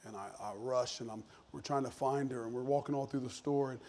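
A man in his thirties preaching a sermon in a church, shifting from loud emphasis to hushed personal storytelling. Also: medium pitch, fairly even intonation, fairly quick, a little hiss or hum. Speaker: pastor. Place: church sanctuary.

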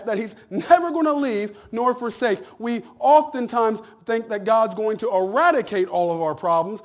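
High-voiced animated pastor. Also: male voice. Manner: animated and humorous, swinging from loud punchlines to soft hushed lines. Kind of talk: sermon.

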